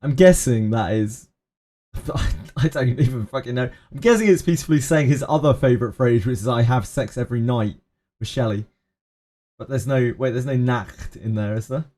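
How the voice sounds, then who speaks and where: A man's voice: medium pitch, normal speed, warm tone. A middle-aged man streaming a video game, joking crudely and repeating phrases as he muses to himself. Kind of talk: casual live-stream commentary.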